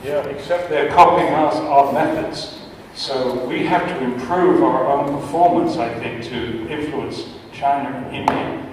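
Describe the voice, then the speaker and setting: A man's voice: medium pitch, fairly even intonation, a little slow. An older man, a retired chemist, giving an impassioned public talk, repeating words for emphasis and stumbling over his starts. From United States. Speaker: guest speaker, retired chemist. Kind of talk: public talk with audience questions. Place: large indoor hall. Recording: echoey hall from far off, faint noise.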